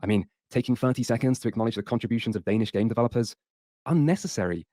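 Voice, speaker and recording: A man's voice: medium pitch, racing, dark tone, dry recording. A man on a podcast panel, speaking with dry sarcastic mockery.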